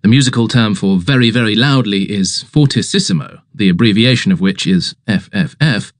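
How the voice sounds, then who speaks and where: A man narrating a comic story in a lively way. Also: fairly low pitch, normal speed, no echo.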